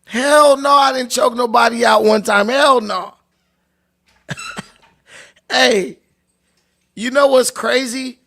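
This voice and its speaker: A man with a strikingly high voice and a gravelly edge tells stories in a loose, profane, joking way. He from Long Beach and talks like a livestream host. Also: slow pace, long pauses, bright, forceful tone. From Long Beach, California. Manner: loose, profane, laughing storyteller. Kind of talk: casual storytelling.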